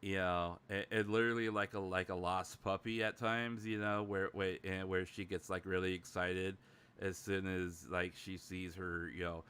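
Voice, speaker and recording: A man's voice: sits low, level tone, normal speed, fairly bright tone, clean tone. A man hosting a casual livestream chat, rambling with lots of filler words. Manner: rambling, heavy use of fillers. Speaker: livestream host.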